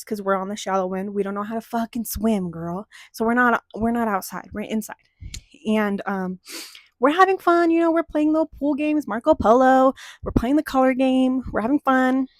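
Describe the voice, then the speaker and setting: A young woman hosting a chat show, telling a childhood story in a casual, animated way and swearing freely as she gets heated. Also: on the high side, dry recording.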